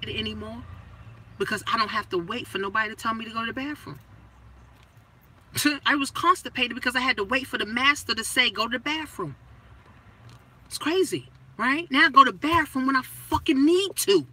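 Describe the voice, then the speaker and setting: Woman money coach, motivational rant, profane and emphatic, bright and husky. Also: a little high, a little fast, low-quality recording. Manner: blunt and profane, with repeated rhetorical questions; punchy, emphatic phrasing that swings between loud and hushed.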